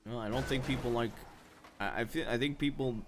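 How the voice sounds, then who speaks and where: A man's voice: medium pitch, fairly quick, background noise. A man chatting casually in character during a role-play game, laid-back and dryly boastful. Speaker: streamer role-playing a character.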